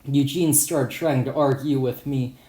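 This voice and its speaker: A man's voice: mid-range voice, fairly even intonation, unhurried, mellow. Man narrating in a roomy room. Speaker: author and narrator. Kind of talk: first-person audiobook narration. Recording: roomy echo.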